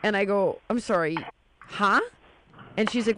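Animated woman telling a story. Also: mid-range voice, measured pace. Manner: animated storytelling, acting out quoted voices. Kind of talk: casual chat.

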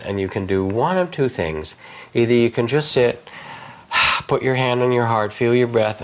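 Gravelly older man, soft guided reflection, unhurried with warm lifts. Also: medium pitch. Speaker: meditation teacher guest. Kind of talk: gentle guided reflection in conversation.

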